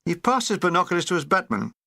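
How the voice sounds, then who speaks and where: A man's voice: high-pitched, very animated, quick pace, gravelly, pushed and bright, no echo. A man reading a comic war memoir aloud with dry, wry storytelling. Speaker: audiobook reader.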